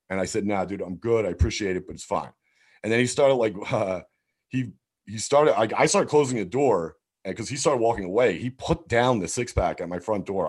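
A man in his thirties tells a rowdy story in loose, profane chat. His voice sits a little low, and he acts out what everyone said. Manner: animated, swears constantly, acts out quotes.

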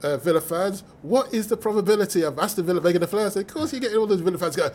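A British man, a mathematician guest, telling stories with lively energy, acting out the voices of people he quotes and laughing as he goes. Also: sits high, very fast, hardly any pauses, a little hiss or hum. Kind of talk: animated storytelling in conversation.

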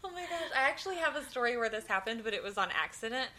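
A woman's voice: a little high, very fast, slight background noise. A young woman co-hosting a podcast, telling a workplace story with lots of laughter in casual chat. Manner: animated storyteller, laughs often. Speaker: podcast co-host.

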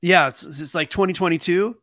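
A man hosting a casual political podcast, talking in a relaxed, hesitant way with many fillers. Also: high voice, a little fast, dry recording. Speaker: podcast host.

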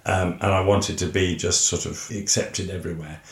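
A middle-aged man hosting a relaxed interview, chatty and reflective, opening up about his own past. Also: deep voice, moderate pace, vocal fry. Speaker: host. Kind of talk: casual conversational interview. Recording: echoey room.

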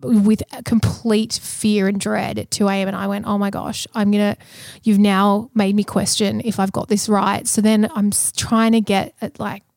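A woman with a gravelly, creaky edge to her voice tells a personal story in relaxed, chatty conversation. She is animated and self-deprecating and laughs at herself often. The sound is close and dry. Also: mid-range voice, normal speed, few pauses, no room sound.

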